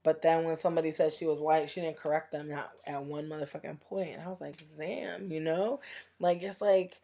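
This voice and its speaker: A woman's voice: low-pitched, steady tone, brisk, warm tone. A young woman vlogging in a casual livestream rant, heated and profane, rambling with lots of fillers.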